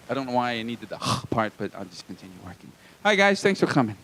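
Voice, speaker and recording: A man's voice: mid-range voice, big pitch swings, fast talker, a bit bright. A man from Hawaii doing a live stand-up set in a small comedy club, with self-deprecating, wry asides to the crowd.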